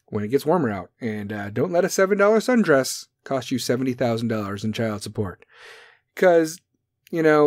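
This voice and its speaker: A man hosting a talk show, ranting in a brash, profane, comedic way and now and then dropping into mocking high voices. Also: a little mellow, no room sound. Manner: brash, swearing, swings into mocking falsetto bits. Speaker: podcast host.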